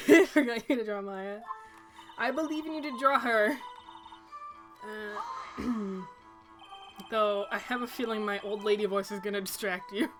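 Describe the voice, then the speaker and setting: A woman's voice: medium pitch, unhurried, pauses often, a bit bright. Jokey woman streamer. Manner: jokey, laughs at herself. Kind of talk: casual live-stream commentary. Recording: game music behind.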